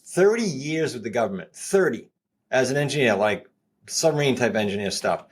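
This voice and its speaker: A man in his fifties with a New England accent talks at a middling pitch as a podcast guest. He pitches his ideas with energy, hammering home key figures and repeating himself for emphasis. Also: animated, moderate pace, slightly rough. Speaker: guest, real estate coach. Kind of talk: podcast interview.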